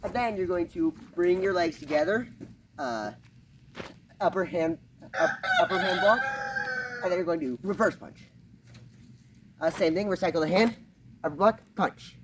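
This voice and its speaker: Out in a backyard, a man leads a relaxed karate demonstration, speaking in a lively pitch as he carries out the moves and punctuating them with "bam." He hesitates often and uses many fillers. Heavy background noise fills this distant outdoor recording, where chickens can be heard clucking.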